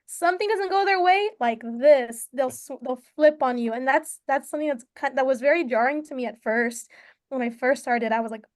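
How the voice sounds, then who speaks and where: A young woman with a high voice, guesting on a chat show as an umpire. She talks in a plain, earnest way, calm and direct. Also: brisk. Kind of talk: casual interview talk.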